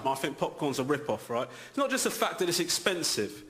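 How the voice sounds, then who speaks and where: A male stand-up comedian doing an exasperated routine that builds to loud rants on a TV studio stage. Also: fairly high pitch, big pitch swings, a little fast. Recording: echoey stage with loud ambience.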